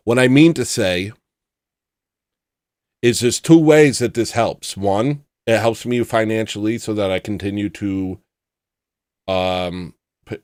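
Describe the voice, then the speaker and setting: Male streamer host, low voice, dry close mic, self-mocking rambling banter. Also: a little mellow, dry recording. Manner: rambling, self-mocking jokes, greets chatters by name. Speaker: livestream host. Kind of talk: casual livestream chat.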